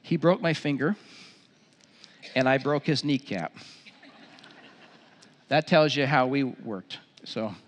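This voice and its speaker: A middle-aged man preaching a sermon as pastor in a church auditorium, telling stories in an animated way and repeating phrases. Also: mid-range voice, slow, long pauses. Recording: long hall reverb.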